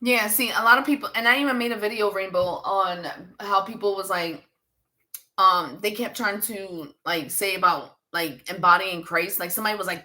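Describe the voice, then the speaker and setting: A woman's voice: mid-range voice, normal speed, sharp tone. A woman from Pennsylvania hosting a livestream as a psychic reader, chatting casually and bluntly, swearing and laughing often as she answers viewer comments. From Pennsylvania, USA.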